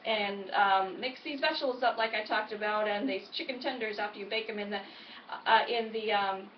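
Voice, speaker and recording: A woman's voice: mid-range voice, fairly quick, a little hiss or hum. A woman, chatting upbeat and encouraging in a casual vlog from home. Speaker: weight-loss vlogger. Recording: echoey, distant, dull home recording.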